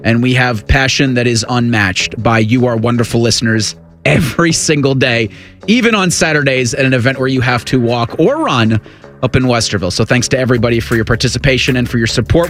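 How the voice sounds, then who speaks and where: Upbeat radio co-host guy, middle pitch, light music behind. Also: a little fast, a bit bright. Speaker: radio sports talk co-host. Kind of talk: casual radio chat.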